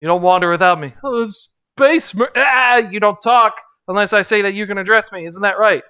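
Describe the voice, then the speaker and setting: A man's voice: high-pitched, fairly quick, pushed and bright, smooth, no echo, clean studio sound. A man voicing a bossy male trooper sergeant who scolds and gives orders. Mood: scolding. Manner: scolding, commanding.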